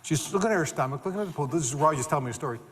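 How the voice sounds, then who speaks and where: An older man giving an animated storytelling talk as a motivational speaker, repeating words and acting out the people in his stories. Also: on the high side, rapid-fire. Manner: animated, repeats words, acts out quoted dialogue. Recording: long reverb of a hall.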